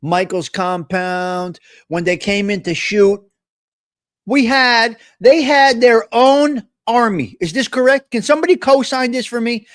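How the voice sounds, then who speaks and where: A man hosts a live chat stream. His voice sits high, and he rants excitably with plenty of profanity. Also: measured pace. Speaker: host.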